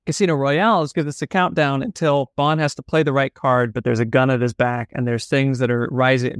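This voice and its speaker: A man's voice: medium pitch, no room sound, studio quality. A man co-hosting a podcast, animatedly breaking down a novel's structure in casual talk. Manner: animated, analytical, laughs along. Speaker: podcast co-host. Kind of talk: casual book discussion.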